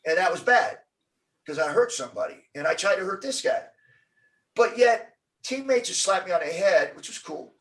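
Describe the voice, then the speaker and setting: A middle-aged man telling a story as an interview guest, acting out the quotes with lively energy. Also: sits high, normal speed, recorded from a distance, rough recording. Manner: animated storyteller, acts out quotes.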